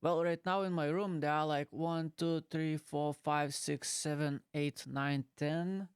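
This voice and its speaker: Man, non-native English, halting, casual vlog explainer, fairly high voice, smooth, close dynamic mic, dead dry bedroom. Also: steady tone, dry recording. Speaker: YouTuber. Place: small bedroom with pillows piled around. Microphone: close dynamic studio mic.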